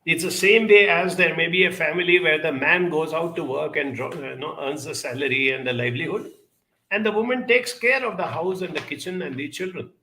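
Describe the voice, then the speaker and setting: Man, conference talk, gravelly, bright and forceful, earnest advice, frequent hesitations, roomy echo. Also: a little high, brisk. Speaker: conference speaker. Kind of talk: conference talk with audience questions.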